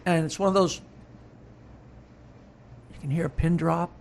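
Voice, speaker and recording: An older male comedian sits in as a podcast guest, talking in a fairly high voice. He tells stories and jokes in a brash, punchy way. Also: steady tone, a little slow, gravelly. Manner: brash joke-telling storyteller. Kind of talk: casual podcast chat.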